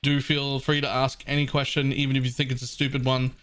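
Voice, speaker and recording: A man's voice: medium pitch, completely flat delivery, fast talker, fairly bright tone. An Australian man in his thirties streaming a game live from his home room, chatting casually with viewers in a blunt, joking way and swearing freely.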